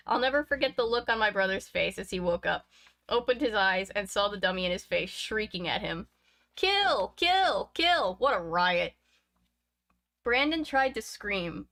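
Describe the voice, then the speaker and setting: Bright-voiced woman reading a book aloud. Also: medium pitch. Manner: chatty asides between read passages, laughs easily. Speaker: reader of a book.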